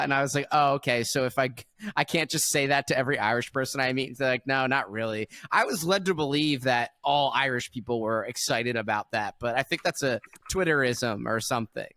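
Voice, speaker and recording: A man hosting a podcast in casual chat, animated and laughing often. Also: mid-range voice, fairly quick, few pauses. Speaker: podcast host.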